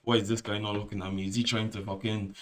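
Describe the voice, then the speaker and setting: A man, telling a story on a podcast in a casual, animated way, swearing and laughing as he goes. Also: on the low side, quick pace, slight background noise. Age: 20s. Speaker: podcast host.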